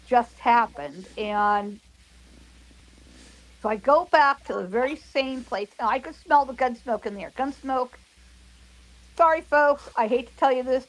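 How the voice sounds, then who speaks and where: A woman's voice: a little high, poor audio. A middle-aged woman, a guest psychic, telling a story animatedly and dramatically in casual podcast talk, acting out sound effects.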